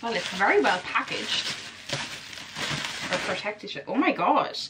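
A young woman with an Irish accent chats to her camera in a casual vlog style. Her voice sits in a middle pitch and tumbles along with fillers and bursts of excitement. A faint hiss lies behind her. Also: unhurried. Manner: gushing, excitable, chatty with many fillers. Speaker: vlogger.

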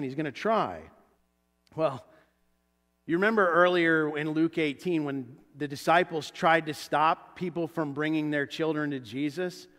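Animated high-voiced preacher in echoey church. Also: male voice, normal speed. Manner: animated, acts out quoted voices loudly. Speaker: pastor. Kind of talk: sermon. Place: church sanctuary. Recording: church hall reverb.

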